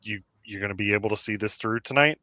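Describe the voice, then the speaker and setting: A man's voice: lowish voice, fast talker, bright, forceful tone, no room sound. A man voicing a blunt, practical male companion who asks plain questions.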